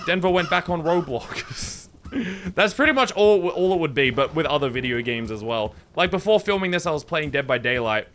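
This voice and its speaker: A man's voice: fairly high pitch, expressive, normal speed, fairly bright tone, a little hiss or hum. A man giving goofy, dramatic, self-mocking commentary while playing a video game. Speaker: gaming video creator. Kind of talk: let's-play commentary.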